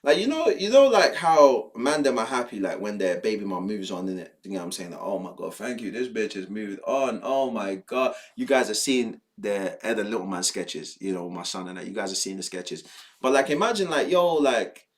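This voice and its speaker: A man streaming his reactions to news clips, worked up and ranting with plenty of slang and swearing. His pitch swings widely as he goes. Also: brisk. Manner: exasperated, animated, swearing, slangy.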